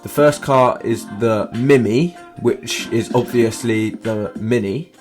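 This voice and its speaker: A man's voice: mid-range voice, slow. Young man, sarcastic game reviewer, lots of swearing, faint background music. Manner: sarcastic, swears often, shouts in disbelief at glitches. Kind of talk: profane game review commentary.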